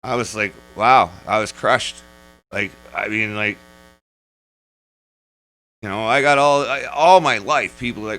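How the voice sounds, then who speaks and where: A man's voice: medium pitch, unhurried, long pauses, sharp tone, faint music behind, poor audio. Rambling, profane man in his forties. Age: 40s. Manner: rambling and profane, full of restarts and digressions. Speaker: vlogger. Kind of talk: casual rant.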